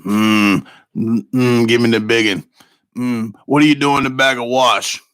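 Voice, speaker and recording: A slow-witted, quietly menacing Southern man, as a man puts him on for laughs, with a low grunting drawl. He murmurs "mm" between his words and sounds soft and subdued. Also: fairly even intonation, clean tone, natural voice.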